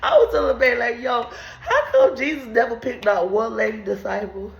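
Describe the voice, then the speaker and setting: A woman's voice: on the high side, lively intonation, normal speed, gravelly, lo-fi sound. A woman hosting a video, riffing on scripture in crude comedic commentary and laughing often through her words. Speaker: video host. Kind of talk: profane comedic Bible commentary. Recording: roomy echo.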